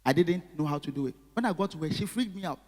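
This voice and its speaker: A male stand-up comedian, telling stories and chatting with the audience in an animated way. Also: on the high side, quick pace. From Ghana. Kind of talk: stand-up comedy with crowd work. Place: live comedy venue. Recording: long hall reverb.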